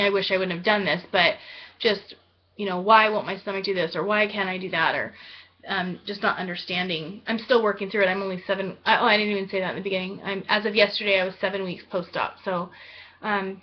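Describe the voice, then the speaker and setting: A woman's voice: medium pitch, muffled recording. A woman in her thirties giving a casual, earnest vlog update, talking with lots of ums and likes and getting a little teary. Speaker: vlogger. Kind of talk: casual weight-loss surgery update vlog.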